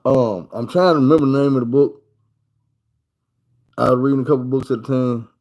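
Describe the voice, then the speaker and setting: A man's voice: mid-range voice, fairly even intonation, a little fast, darkish tone, poor audio. A man from Arkansas with a Southern accent telling stories in a loose, profane, repetitive way in a casual monologue. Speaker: vlogger.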